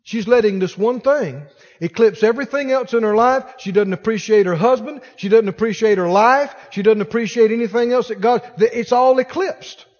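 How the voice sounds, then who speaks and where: A man preaching a sermon as pastor, exhorting the congregation and rising to shouts. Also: high-pitched, moderate pace, big-room sound, muffled recording.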